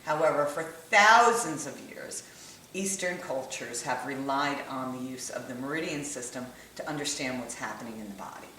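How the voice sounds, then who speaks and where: A woman with a low, deep voice teaches in an easygoing, conversational manner, tagging "right?" onto her points. She is recorded from a distance in an echoey room, with a faint hiss of ambience behind her. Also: moderate pace, a bit bright. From United States. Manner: conversational, checks in with "right?" and "okay?". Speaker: holistic kinesiology teacher. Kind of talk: explanatory lesson to camera.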